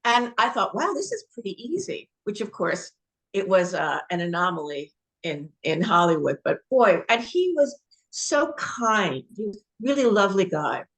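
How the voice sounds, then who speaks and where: A woman's voice: lowish voice, lively intonation, moderate pace. A woman from New Jersey, an actress guest telling anecdotes in a casual interview. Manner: warm anecdotal storytelling.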